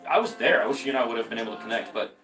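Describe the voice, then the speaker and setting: A man telling stories in a casual conversation, animated and emphatic, swearing freely and often jumping up in pitch. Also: rapid-fire, far from the mic. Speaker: podcast guest. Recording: echoey room, off-mic, faint music.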